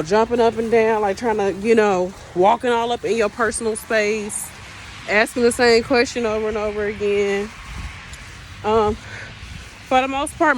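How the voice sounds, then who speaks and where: A young woman who works as an agency nurse vlogs casually, venting bluntly about her shift and swearing plenty. Her voice is a little high, and the poor audio carries a slight hiss or hum. She starts outdoors in the rain beside a street, then moves into a car, telling her story in a chatty, profane way.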